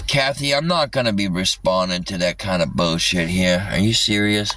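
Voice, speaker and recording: A man's voice: low voice, normal speed, bright, forceful tone, slight background noise. A man livestreaming an agitated rant, swearing constantly, with his voice a little distant from the mic.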